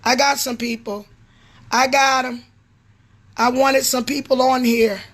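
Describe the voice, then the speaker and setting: A woman's voice: sits high, steady tone, a little slow. A middle-aged woman, a prophetess and pastor, ranting angrily on a livestream, swearing and repeating herself. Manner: furious, repetitive, swearing, sometimes shouting. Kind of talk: angry livestream rant.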